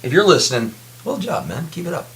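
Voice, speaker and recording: A man's voice: fairly high pitch, very animated, quick pace, gravelly, fairly bright tone. A man co-hosting a podcast, chatting casually about a film, blunt and swearing freely. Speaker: podcast co-host. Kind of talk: casual movie chat.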